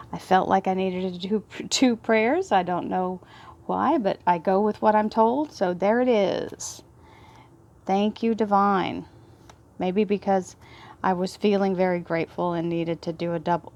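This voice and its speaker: A woman with a Texas Southern drawl giving a tarot card reading. She talks effusively, bursts into excited laughter and drops into hushed prayers. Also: medium pitch, unhurried. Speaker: tarot reader.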